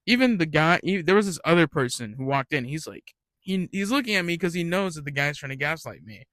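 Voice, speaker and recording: A man's voice: on the high side, lively intonation, a little fast, a bit bright, no echo. A young man telling retail work stories in a rambling, ranting casual monologue, swearing freely.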